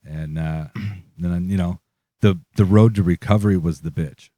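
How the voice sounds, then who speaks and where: A man with a low-pitched voice tells a rambling story on a podcast, swearing freely and laughing along the way. The sound is very dry and close, with no room around it. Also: fairly even intonation, moderate pace, dark tone, no room sound. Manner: loose, profane storytelling with laughs. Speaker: podcast co-host. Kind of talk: casual chat.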